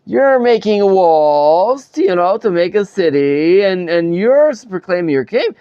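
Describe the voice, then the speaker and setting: A rabbi teaches a live Bible class to a room of students. His voice is mellow and dry, and the recording sounds dull and lo-fi. His delivery is lively, swinging up and down as he dramatizes the text with frequent restarts. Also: high voice, a little slow, clear, resonant tone, no echo. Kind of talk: live Bible study lecture. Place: study hall with students.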